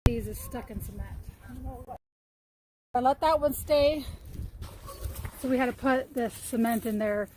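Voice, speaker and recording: A woman with a high voice talks casually into a phone while she works in her backyard garden. She rambles and greets viewers by name. Loud wind and outdoor noise roar around her. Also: a little slow, long pauses. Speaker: livestreaming gardener. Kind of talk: casual live-stream chat.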